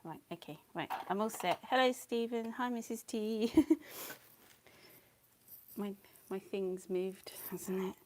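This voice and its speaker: A woman chatting casually on a live stream while she paints, scattered and quick to laugh, muttering asides to herself. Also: medium pitch, darkish tone, a little hiss or hum. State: a bit out of breath.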